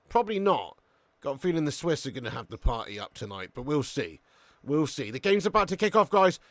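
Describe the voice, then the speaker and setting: A man's voice: mid-range voice, sing-song, a little fast, no room sound. A man hosting a live football watch-along, bantering brashly with viewers, swearing often and reading their comments aloud. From England.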